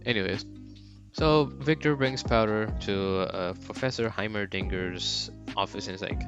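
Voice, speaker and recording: A man's voice: fairly low pitch, unhurried, muffled recording, music in the background. A young man casually narrating a fan story, slangy and rambling.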